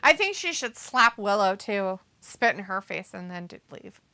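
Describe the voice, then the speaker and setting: A woman's voice: medium pitch, big pitch swings, moderate pace, bright, forceful tone, no echo. A woman co-hosting a wrestling watch-along, chatting casually, laughing often and reading chat comments aloud.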